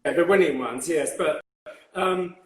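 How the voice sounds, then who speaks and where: An older English man with a refined, old-fashioned upper-class accent tells stories in a relaxed interview. He talks in a rambling, halting way, full of repeats and fillers. His voice sits a little high for a man and rings in an echoey room. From England. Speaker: guest hairdresser. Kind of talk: conversational interview.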